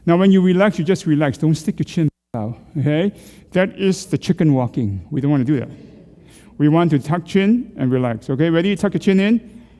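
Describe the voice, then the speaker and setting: Brisk and animated, this middle-aged man's warm, fairly high voice fills a church hall with a big-room sound. He's leading neck exercises, coaching the group, asking them questions and joking around.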